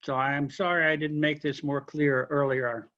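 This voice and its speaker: A man lecturing a linguistics class, explaining question forms slowly with examples and apologizing for being unclear. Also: fairly high pitch, little pitch movement, sharp tone, highs cut off. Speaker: linguistics instructor.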